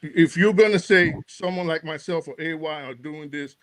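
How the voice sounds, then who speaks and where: A man's voice: fairly high pitch, normal speed, fairly bright tone, no echo. A man on a live talk panel, argumentative, laying out his case point by point. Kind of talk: debate on a live talk stream.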